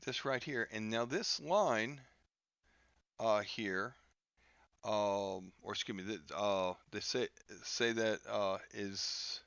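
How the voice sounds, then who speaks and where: A man teaching a software lesson over a screen recording, talking haltingly with many fillers and restarts. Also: fairly low pitch, gravelly, smooth, dry recording, muffled recording. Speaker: instructor.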